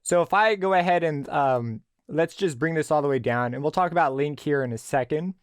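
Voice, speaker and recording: Man explaining a synth plugin, crisp. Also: fairly high pitch, brisk, no echo, studio quality. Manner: relaxed explanatory, thinking aloud with fillers. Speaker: music production tutor. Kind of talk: screen-recorded software tutorial.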